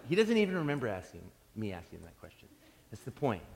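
A man preaching a sermon as pastor, telling stories in an animated way and often restarting his sentences. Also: mid-range voice, fast talker, vocal fry, a little hiss or hum. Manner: animated storytelling with frequent restarts. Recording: long hall reverb.

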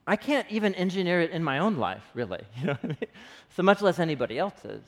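A pastor with a Texan accent preaching a sermon in a conversational, earnest way that is often broken up by laughs. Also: male voice, sits high, expressive, fast. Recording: long hall reverb.

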